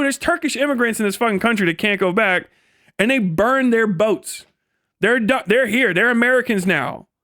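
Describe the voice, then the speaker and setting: A man's voice: very high voice, fairly bright tone, dry recording, clean studio sound. A man giving profane, heated livestream commentary, swinging into mocking impressions. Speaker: livestream host.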